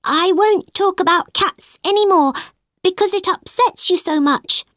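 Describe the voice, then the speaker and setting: A woman's voice: high-pitched, sing-song, slow pace, a bit bright, dry recording, studio quality, voice pushed up, full character voice. A woman voicing a polite, curious young girl in a storybook reading, who chatters on and keeps apologising. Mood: apologetic.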